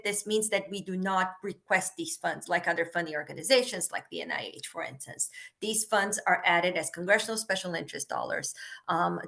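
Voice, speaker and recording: A woman talks a webinar audience through a funding program in a steady, explanatory way. Her pitch sits in the middle of the usual female range, and her delivery is plain and unpolished, with many "um" fillers. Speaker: research funding program manager. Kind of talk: webinar presentation. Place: remote webinar.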